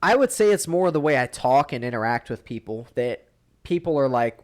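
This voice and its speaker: A man's voice: medium pitch, expressive, brisk. A young man co-hosting a podcast in casual chat, blunt, rambling and full of swearing. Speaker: podcast co-host.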